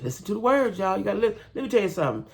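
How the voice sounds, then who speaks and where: A woman's voice: mid-range voice, sing-song, racing, darkish tone. A woman giving a casual, chatty recap of a reality TV show, talking straight to her viewers and often checking in with a "right?". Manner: chatty, addresses viewers as "y'all", frequent "right?".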